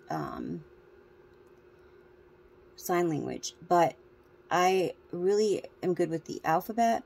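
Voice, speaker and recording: A woman's voice: on the low side, darkish tone, a little hiss or hum. A woman tarot reader, out of breath, chatting casually and rambling to her viewers. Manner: rambling, restarts often.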